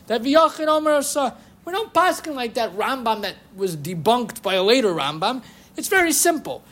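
A man giving a lively lecture on Jewish law, quoting rabbinic sources and chanting Hebrew phrases. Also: sits high. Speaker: Torah teacher. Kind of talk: halachic lecture.

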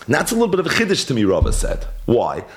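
A man's voice: mid-range voice, wildly swooping pitch, very fast. A man teaching a Gemara lesson, explaining the argument animatedly in English mixed with Hebrew and Aramaic terms. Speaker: Talmud teacher.

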